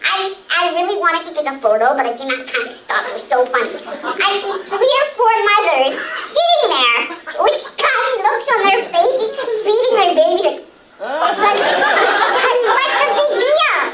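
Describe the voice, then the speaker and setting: A woman with a very high voice speaks to an audience, telling a story in lively fashion and acting out the people she quotes. She laughs often as she talks. The sound comes from far off in an echoey hall with clear room noise behind. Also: unhurried, over a noisy crowd. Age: adult. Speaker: keynote speaker. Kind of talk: storytelling keynote speech. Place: event hall before an audience.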